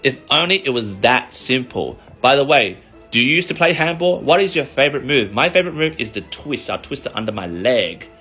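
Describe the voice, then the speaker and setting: A man with an Australian accent, a mortgage broker telling an animated, swear-laced explainer story with sound effects. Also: mid-range voice, brisk, faint music behind. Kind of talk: casual explainer monologue.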